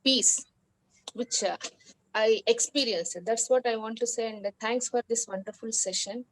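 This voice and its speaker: A woman sharing feedback on a video call, halting with many pauses. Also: fairly high pitch, a little hiss or hum, rough recording. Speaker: retreat participant. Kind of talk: sharing feedback in an online meeting.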